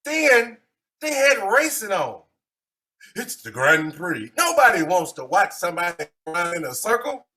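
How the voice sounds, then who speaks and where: A podcast co-host, ranting animatedly in casual sports chat with big swings in loudness. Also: male voice, sits high, sing-song, measured pace.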